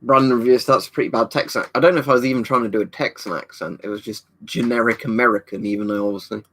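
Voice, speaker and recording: A man's voice: medium pitch, fairly even intonation, fast, fairly bright tone. A man hosting a casual livestream, rambling easily as he reads out viewers' comments and answers them from a room at home. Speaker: livestream host. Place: indoor storage room at home.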